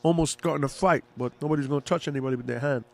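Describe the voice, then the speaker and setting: A man giving casual live football commentary and reaction as a fan, chatty and excitable, rooting for one side. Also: fairly high pitch, rapid-fire, gravelly.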